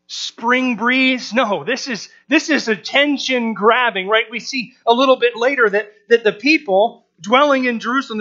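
A man preaching a sermon with a high, bright, forceful voice. He talks conversationally and acts out the crowd's reactions. The recording is a little dull and lo-fi.

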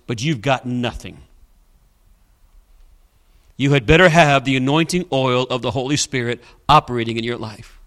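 A man's voice: fairly high pitch, pushed and bright. A male pastor preaching a sermon, telling a story dramatically with emphatic, repeated refrains.

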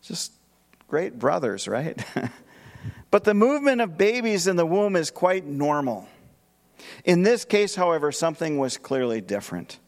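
A man's voice: on the high side, a little mellow. A man preaching a verse-by-verse expository sermon as pastor, emphatic and posing rhetorical questions to his listeners.

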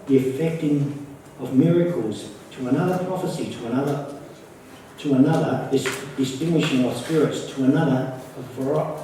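An Australian man delivers a sermon in an earnest, unhurried way, doubling back on key phrases to drive them home. His voice is mellow and dark, picked up from some distance off. The large room around him rings with heavy echo and a faint hum of ambience. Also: medium pitch. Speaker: preacher. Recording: echoey, from far off the mic.

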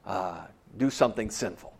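A sly devil hisses temptations in a low, hushed whisper, as a preacher acts him out. He coaxes softly, keeping his voice quiet and close. A scheming, untrustworthy tempter. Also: normal speed, vocal fry, husky. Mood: coaxing.

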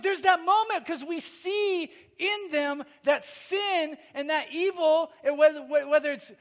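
In his sermon, a male pastor with a strikingly high voice drives his points home by repeating phrases and calling for amens. He shifts between loud, emphatic insistence and quiet, hushed lines.

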